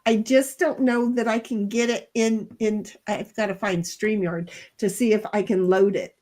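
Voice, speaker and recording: A woman's voice: medium pitch, steady tone, normal speed, a little mellow. A woman hosting a casual livestream chat, playful and talkative, often repeating her words. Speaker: host. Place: home livestream.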